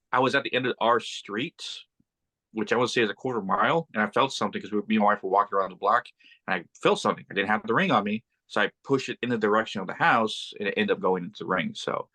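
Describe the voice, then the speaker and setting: A man who is a podcast guest, telling a story in the second person with slow, deliberate suspense in a casual interview. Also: fairly low pitch, bright, forceful tone.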